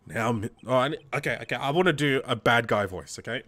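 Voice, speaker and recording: A man's voice: mid-range voice, animated, moderate pace, a bit bright. A man streaming a game, making offhand joking asides between voiced lines. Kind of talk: casual let's-play commentary.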